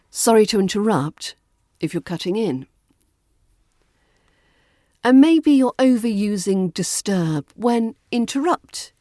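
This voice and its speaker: A British woman hosting a pronunciation lesson podcast, speaking clearly and slowing down to model words. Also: medium pitch, darkish tone, no room sound, studio quality. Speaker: podcast host and pronunciation teacher.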